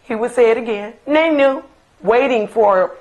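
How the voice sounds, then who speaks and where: This is a middle-aged woman sharing memories of her late son in a recorded interview. She talks very slowly and deliberately, stressing the words that matter to her. Her voice sits at an ordinary mid pitch, and her storytelling is fond and personal. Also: poor audio. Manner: slow, emphatic reminiscing with fond asides.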